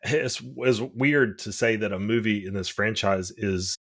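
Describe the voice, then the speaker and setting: Man, fairly low voice, podcast co-host, rambling, opinionated, casual. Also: a little slow, a bit bright. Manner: rambling, opinionated, restarts often. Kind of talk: casual chat.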